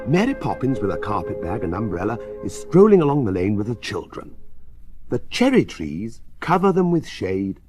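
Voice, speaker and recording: A man reading a children's story aloud in a very expressive, sing-song way. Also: on the low side, moderate pace, faint music behind. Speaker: reader.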